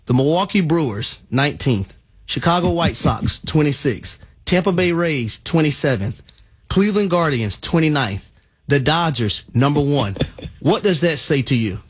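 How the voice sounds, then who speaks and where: A man's voice: on the high side, animated, moderate pace, breathy edge. A man hosting sports radio, listing figures to his guest with a chuckle. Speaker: radio host.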